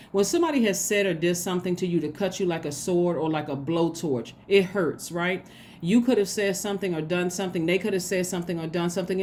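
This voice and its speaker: A woman's voice: fairly low pitch, a little mellow, slight background noise. A woman giving a tarot reading, speaking earnestly and straight to the listener, often repeating herself. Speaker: tarot reader.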